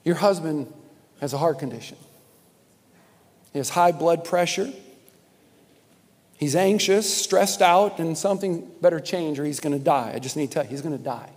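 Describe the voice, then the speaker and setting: A man voicing a grave male doctor who speaks slowly and quietly, inside a sermon's story. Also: a little high, close to an everyday voice. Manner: slow, solemn and quiet. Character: grave, hushed male doctor giving bad news. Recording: long hall reverb.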